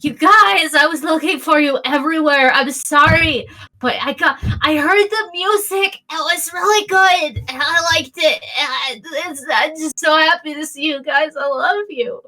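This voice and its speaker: A woman's voice: sits high, measured pace, bright, forceful tone, pitched above the performer's own voice, rough recording. A woman voicing a drunk woman who gushes affection through tears in a tabletop game. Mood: tearful gushing. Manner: sobbing, gushing, slurred affection. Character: weepy drunk adult woman, gushing and loud.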